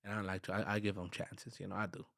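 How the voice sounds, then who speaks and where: A man's voice: deep voice, fast, creaky. A man from Dallas, Texas, telling work stories in a casual, slangy way as a podcast guest, acting out his talks with his workers and dropping in Spanish phrases. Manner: animated, slangy, acts out dialogue with workers. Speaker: podcast guest, construction business owner. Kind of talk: casual conversational storytelling.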